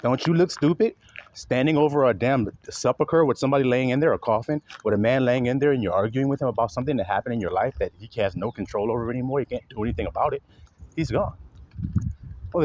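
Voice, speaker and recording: A man's voice: highs cut off, slight background noise. A man preaching a sermon, calling out rhetorical questions to his listeners and acting out exaggerated voices. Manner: animated, swings pitch widely, acts out exaggerated voices.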